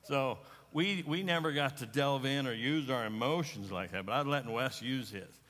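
A man's voice: medium pitch, normal speed, fairly bright tone. A middle-aged man preaching a sermon, telling a family story in a folksy way and often repeating words. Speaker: pastor. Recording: long hall reverb.

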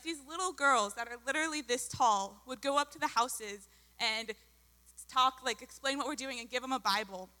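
A woman's voice: sits high, bright, forceful tone. A young adult woman sharing a chatty, bubbly testimony as a mission volunteer. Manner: bubbly, chatty with many fillers. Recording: hall reverb.

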